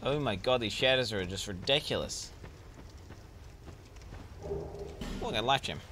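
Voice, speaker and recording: A male game streamer in casual commentary, excitable and sarcastic, swearing freely. His pitch jumps around with lively swings. Steady noise hangs behind the stream audio. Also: a little slow.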